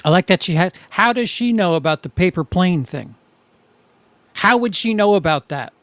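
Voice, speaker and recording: A high-voiced man chats wryly through a movie, rambling and swearing casually as he comments. His voice sounds dry and close. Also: expressive, normal speed, fairly bright tone, no room sound. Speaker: host of a movie review channel. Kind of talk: casual movie watch-along chat.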